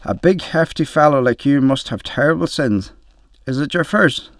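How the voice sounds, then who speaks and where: A priest, stern yet kindly, speaking slightly higher than a plain reading voice as a man reads him aloud. The sound is dry and close. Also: expressive, moderate pace, no echo. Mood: gentle.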